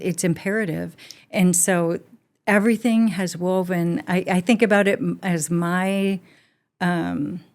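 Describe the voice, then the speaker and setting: Middle-aged woman, podcast co-host, lowish voice, reflective with a teasing streak. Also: a little mellow. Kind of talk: conversational podcast talk.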